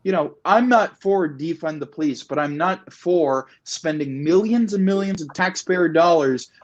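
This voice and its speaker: A man talking in a political discussion, emphatic and repetitive, building his points in long animated runs. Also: on the high side, measured pace, lo-fi sound. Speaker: guest. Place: Puget Sound area.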